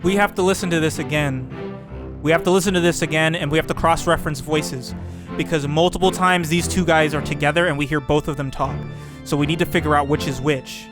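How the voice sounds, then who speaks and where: A man records casual let's play commentary, reasoning out loud in loose, rambling sentences full of fillers. His voice sits a little high, with music playing clearly behind it. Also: fairly even intonation, fairly quick. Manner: thinking aloud, rambling with fillers and restarts. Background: background music.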